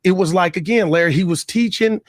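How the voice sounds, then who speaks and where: A man's voice: sits high, a little fast, dry recording, studio quality. A man co-hosting sports talk radio, bantering in a laid-back, slangy way.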